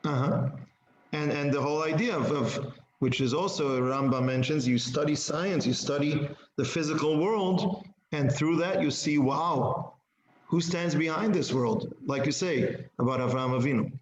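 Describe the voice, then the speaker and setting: A man teaching a religious text class, slow and deliberate, leaning on key words and asking the class questions. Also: a little high, roomy sound, a little hiss or hum, rough recording. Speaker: Torah teacher.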